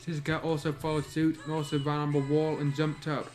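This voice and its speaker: A man reading a fan story aloud in an amateur narration, halting and stumbling at times. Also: fairly high pitch, completely flat delivery, a little mellow, soft background music. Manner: halting, with stumbles and throat-clearing. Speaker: reader.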